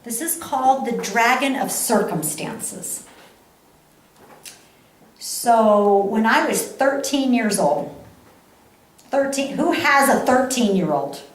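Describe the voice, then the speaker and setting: A woman giving a live motivational talk to an audience, animated, laughing often and repeating phrases for emphasis. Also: a little high, takes it slowly, pauses often. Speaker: motivational speaker. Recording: echoey hall.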